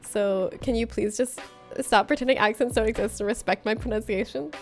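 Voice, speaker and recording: A fairly high-voiced woman from Florida chats casually on a game livestream. She answers viewer messages playfully and laughs often, with faint game music in the background. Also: a little fast. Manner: chatty and playful, laughs often, reads chat aloud.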